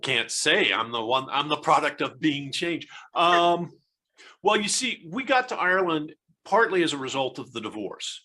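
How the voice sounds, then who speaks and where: Interview guest: American man, 60s, bright forceful voice, rambling with lots of ums and restarts. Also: a little high, very animated, moderate pace. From United States. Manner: rambling, hesitant storyteller with many fillers and restarts. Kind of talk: casual interview conversation.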